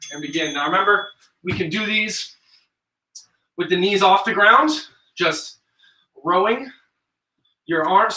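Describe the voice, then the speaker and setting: A man's voice: high voice, bright, forceful tone. A young man with an upstate New York accent leading a live follow-along workout, counting reps aloud and chatting casually between sets. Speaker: fitness instructor. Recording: echoey room, voice from a distance.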